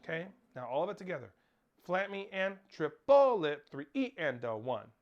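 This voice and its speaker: A man's voice: on the high side, very animated, moderate pace, muffled recording, very noisy. Man, snare drum teacher, counts off and calls rhythms, drumming behind. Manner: counts off and calls out rhythms, sometimes shouting over drums. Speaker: percussion teacher.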